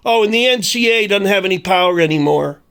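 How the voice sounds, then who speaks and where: Male sports ranter, high-pitched voice, heated, sarcastic and foul-mouthed. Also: animated, fast talker, a bit bright, clean tone. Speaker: sports commentator. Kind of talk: angry ranting commentary.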